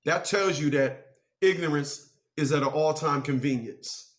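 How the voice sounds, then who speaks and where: A man's voice: on the high side, a little slow. A man giving a motivational monologue who speaks emphatically and repeats phrases to drive his points home.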